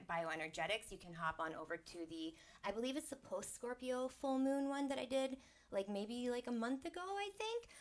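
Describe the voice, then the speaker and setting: A woman's voice: medium pitch, a bit bright. A woman sound healer teaches in an easy, chatty way, her voice in the middle of the usual range. She breaks into little acted-out exclamations and sighs to show how the mind reacts. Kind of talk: casual teaching talk.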